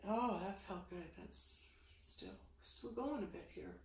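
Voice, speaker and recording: A woman leading a spiritual yoga session, speaking slowly and soothingly with sighs between phrases. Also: medium pitch, gravelly, darkish tone, echoey room, slight background noise. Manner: slow, soothing, with sighs and breaths.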